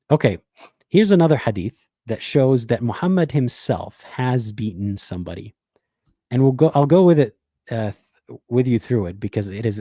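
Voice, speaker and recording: A man's voice: mid-range voice, mellow, no echo, studio quality. A man giving blunt, sarcastic reaction video commentary, swearing freely and restarting phrases as he thinks aloud. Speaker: YouTube commentator.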